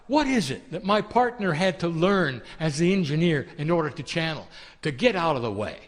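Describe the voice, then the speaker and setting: A man giving a channeled spiritual teaching, calling listeners "dear one" and asking rhetorical questions in a soft, deliberate way. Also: on the high side, big-room sound.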